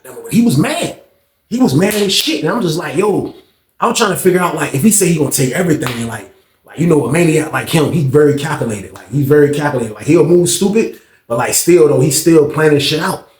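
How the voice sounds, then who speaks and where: A man casually telling a story in a profane, animated way, laughing often. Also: a little high, fast talker, reverberant.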